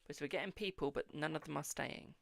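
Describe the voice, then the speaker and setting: A man's voice: a little high, fast, gravelly, a bit bright, no room sound. A man hosting a live-stream psychic reading, chatting casually and affectionately calling viewers boo and darling. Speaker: psychic tarot reader and host.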